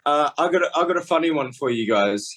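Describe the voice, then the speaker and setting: A man's voice: fairly high pitch, lively intonation, fast, a bit bright, poor audio. A man guesting on a podcast as a wrestler, chatting casually and telling stories that trail off and restart. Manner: storyteller who trails off and restarts.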